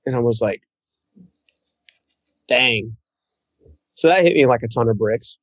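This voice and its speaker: A man who is a guest in an interview, telling a personal story in an earnest, halting way and often repeating words. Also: medium pitch, animated, dry recording, dull audio.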